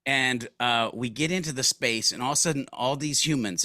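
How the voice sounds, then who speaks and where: A male guest in a business interview tells stories casually and animatedly, using slang and acting out quoted lines. His mid-range voice moves at a moderate pace, recorded with studio quality and no echo.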